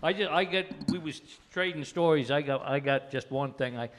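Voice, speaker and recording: A man hosting a comedy night on a studio stage, chatting in a folksy, rambling way. He stumbles and restarts as he tells his observations. His voice sits a little high. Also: moderate pace, slight background noise. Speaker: comedy show host. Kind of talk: casual stage banter. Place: studio stage with live audience.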